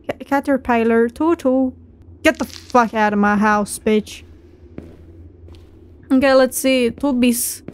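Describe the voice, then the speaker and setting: A woman playing a video game and commenting as she goes, swearing often and getting loud and excitable, talking to the creatures on screen. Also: high-pitched. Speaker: gamer. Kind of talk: let's play commentary.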